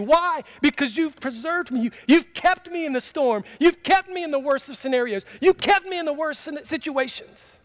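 A middle-aged pastor preaching a sermon, swinging from impassioned emphatic cries to quiet, low storytelling. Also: male voice, lively intonation, moderate pace, few pauses.

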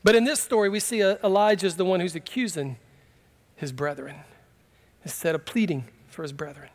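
A middle-aged pastor preaching a sermon, swinging from impassioned emphatic cries to quiet, low storytelling. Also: male voice, brisk.

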